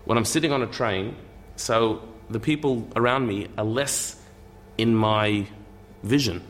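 A man's voice: lowish voice, measured pace, fairly bright tone, slight background noise. A man giving a conversational lecture, thinking aloud with repeated words and restarts and tossing in wry asides.

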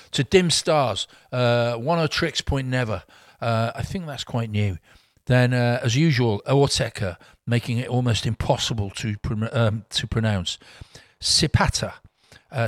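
A man's voice: medium pitch, no echo. A man, a radio DJ back-announcing tracks in a rambling, self-mocking way with dry humour and lots of fillers. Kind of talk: casual radio chat between tracks.

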